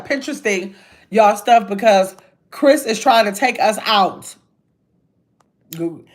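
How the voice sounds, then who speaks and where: An older woman, chatting casually on a livestream from a hotel room, reading viewer comments and calling them y'all. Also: fairly high pitch. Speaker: livestream host.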